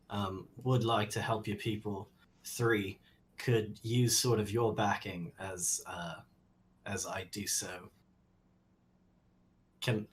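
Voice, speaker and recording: A man's voice: fairly low pitch, slight background noise. A man taking part as a player in a tabletop game, speaking hesitantly and listing his points.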